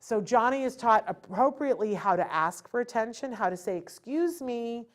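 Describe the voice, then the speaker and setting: A middle-aged woman hosting a live talk show, giving parenting advice in a lively, animated way and acting out a child's point of view. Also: fairly high pitch, fairly quick. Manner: animated, acts out a child's thoughts and parental lectures. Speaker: host.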